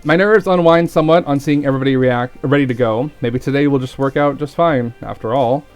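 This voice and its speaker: A man's voice: mid-range voice, brisk, faint music behind. A man streaming, reading a visual novel aloud with casual, chatty asides.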